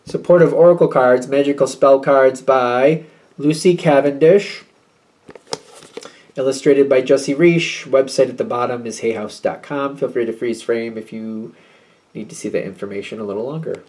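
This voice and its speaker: A man's voice: mid-range voice, normal speed, a little mellow. A man doing a casual tarot card reading, chatty and thinking aloud with many fillers. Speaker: tarot reader.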